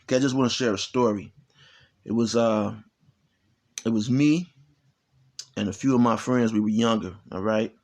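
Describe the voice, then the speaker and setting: A man's voice: fairly low pitch, steady tone, normal speed, long pauses, darkish tone. A man telling a long, rambling, profane story in casual talk, full of fillers and "you know," laughing as he goes. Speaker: channel host.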